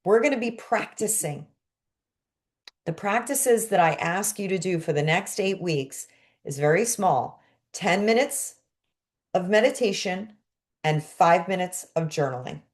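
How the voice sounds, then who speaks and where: A middle-aged woman with a Brooklyn accent teaching an online class, energetic and expressive, sometimes dropping to a hush for emphasis. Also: lowish voice, unhurried. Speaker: creativity coach.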